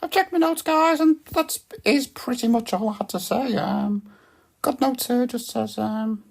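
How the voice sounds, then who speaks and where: A woman hosting a comic podcast, rambling in a deadpan, hesitant way with constant ums and self-corrections. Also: fairly high pitch, measured pace, gravelly, husky. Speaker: podcast host.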